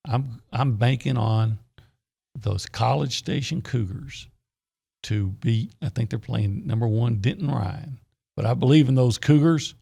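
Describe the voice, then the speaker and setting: Gravelly, husky male radio co-host. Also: medium pitch, a little slow, warm tone. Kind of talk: casual sports radio banter.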